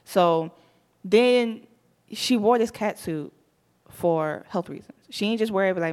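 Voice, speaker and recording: Woman, co-host, casual chat, animated, mid-range voice. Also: medium pitch, normal speed. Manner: animated, acts out quoted voices. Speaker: podcast co-host.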